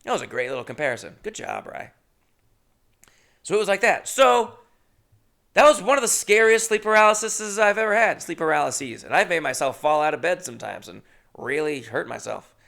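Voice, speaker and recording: Comedian guy rambling on his solo podcast, gravelly voice, swears a lot, pokes fun at himself. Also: on the high side, big pitch swings, fairly quick, sharp tone. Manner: rambling, profane, self-deprecating.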